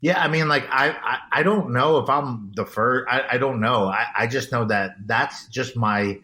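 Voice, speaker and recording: A man's voice: mid-range voice, moderate pace, bright, forceful tone. A man being interviewed as an event DJ, talking in an earnest, emphatic way with frequent restarts. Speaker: guest, event DJ. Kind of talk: casual interview.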